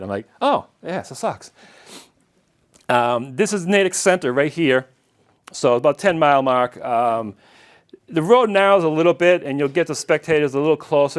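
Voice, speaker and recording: A middle-aged man lectures in an easygoing, conversational way. He rambles through stories with the odd chuckle, his voice sitting at a plain, ordinary pitch. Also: smooth. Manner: chatty and anecdotal, chuckling at his own stories. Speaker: lecturer and longtime marathon runner. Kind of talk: casual illustrated lecture.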